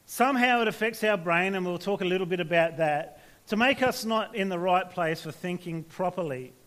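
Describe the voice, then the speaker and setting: Male preacher, higher pitch, relaxed storytelling delivery for a youth talk. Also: normal speed. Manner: conversational, anecdotal, frequent restarts and tag questions. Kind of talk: sermon to young people.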